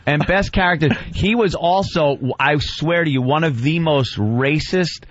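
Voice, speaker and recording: Animated male radio host spinning a yarn. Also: a little high, a little slow, no room sound. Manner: animated storyteller, acts out voices, laughs mid-story. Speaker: radio show host telling a story. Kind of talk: radio talk show storytelling. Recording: dry, slightly dull radio studio sound.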